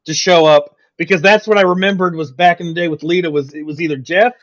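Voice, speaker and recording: A man co-hosting a casual sports talk stream, excitable, laughing often and swearing casually. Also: on the high side, quick pace, dull audio. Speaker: co-host.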